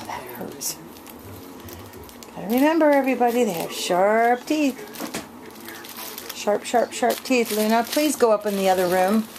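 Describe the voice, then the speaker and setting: A woman breeder filming her puppies at home, narrating casually and slipping into high sing-song baby talk. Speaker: dog breeder. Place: indoor room at home with puppies. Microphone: handheld camera mic. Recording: noisy home camcorder recording.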